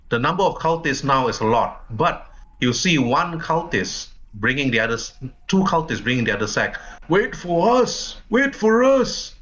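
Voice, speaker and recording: Game master, male, bright tone, muffled lo-fi online call. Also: medium pitch. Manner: plain storytelling with many "and then" links. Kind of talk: narrating a tabletop game.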